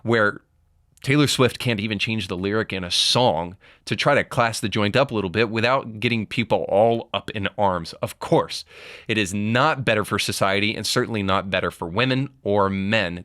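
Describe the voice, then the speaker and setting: A man's voice: lowish voice, moderate pace, music in the background. A man hosting a commentary show, reading an article aloud and adding blunt, moralizing remarks with sarcastic asides.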